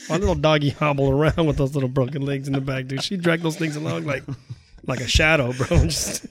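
A man on a casual podcast, talking with laughter in an animated, joking manner. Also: fairly high pitch, brisk, a crowd in the background. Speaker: podcast co-host. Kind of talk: casual chat.

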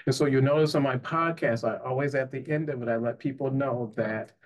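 A psychotherapist and life coach, this man speaks at a medium pitch and a little fast. He earnestly tells an emotional personal story, often checking in with tag questions like "right?" and frequent "you know".

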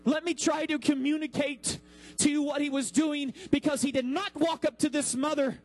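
High-voiced preaching man with a hum. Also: fairly even intonation, poor audio. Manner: preaching with dramatic pauses and acted-out quotes. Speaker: pastor. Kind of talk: sermon. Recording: mains hum.

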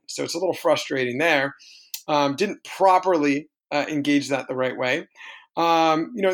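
A man co-hosting a podcast, recounting a tabletop wargame in a rambling, self-correcting way. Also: a little high. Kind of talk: casual podcast chat.

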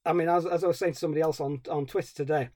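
A man's voice: fairly high pitch, fairly even intonation, rapid-fire, a little mellow, no room sound, studio quality. A man co-hosting a film podcast, ranting about a movie in a wry, sarcastic way. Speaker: podcast co-host. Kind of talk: casual film review chat.

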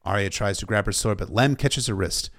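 A man's voice: on the low side, a little fast, a bit bright. A man retelling a novel in a casual storytelling style, sometimes stopping for emotional asides. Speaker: book recap narrator.

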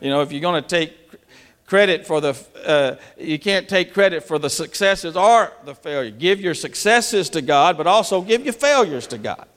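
A man preaching a sermon to church planters, animated and dramatic, acting out anxious prayers in sudden bursts. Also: a little high, normal speed. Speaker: pastor. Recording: long reverb of a large hall.

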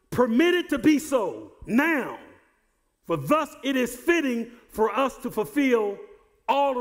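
A male pastor preaching a sermon who repeats and restarts words and builds to shouted emphasis. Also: extremely high pitch, long reverb tail. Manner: repeats words and stumbles on starts.

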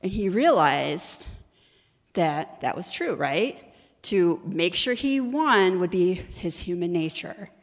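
A woman's voice: on the low side, expressive, takes it slowly. Conversational woman preacher in a big echoing hall. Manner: conversational, storytelling, asks the audience questions. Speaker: ministry executive director teaching. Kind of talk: sermon-style teaching.

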